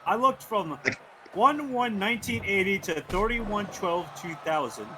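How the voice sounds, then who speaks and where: A man's voice: sits high, animated, unhurried, sharp tone, slight background noise. A man chiming in on a gaming stream, eagerly reporting facts he looked up. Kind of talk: casual gameplay chat.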